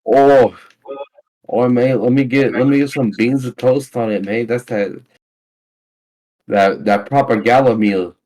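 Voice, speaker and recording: A man voicing a boisterous young man from a British-style fantasy land, loud and jovial, calling everyone mate and lads. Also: mid-range voice, steady tone, unhurried, pauses often, lightly acted, low-quality recording. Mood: eager.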